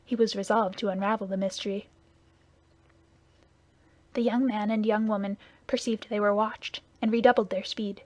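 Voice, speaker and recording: A woman narrating a classic novel as an audiobook, in a steady, measured reading voice. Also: mid-range voice, no room sound.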